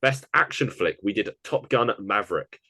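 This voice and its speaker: Low-voiced man reading award picks. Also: animated, sharp tone, no echo. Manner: chatty, running through award picks in quick lists. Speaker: podcast co-host. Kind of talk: casual chat.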